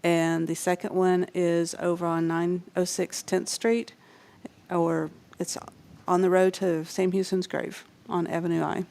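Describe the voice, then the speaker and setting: Gravelly-voiced woman co-host. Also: fairly low pitch, little pitch movement, measured pace, mellow. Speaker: guest co-host. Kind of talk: casual talk show chat.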